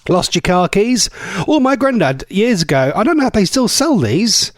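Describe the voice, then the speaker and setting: A man's voice: high-pitched, sing-song, moderate pace, no echo, studio quality. A man hosting a live local radio show, chatting casually and rambling with self-mocking asides. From England. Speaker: radio host. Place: radio studio. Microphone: studio mic.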